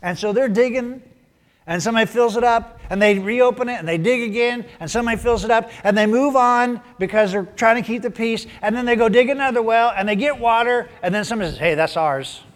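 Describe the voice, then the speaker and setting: A man preaching a sermon, telling the story in an animated way that swings from loud bursts to hushed asides. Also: very high voice, quick pace. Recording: long hall reverb.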